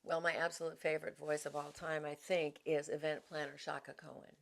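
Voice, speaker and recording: Chatty woman voice actor, lowish voice. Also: level tone, fairly quick, vocal fry. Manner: chatty, self-deprecating, restarts often. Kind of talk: interview answers.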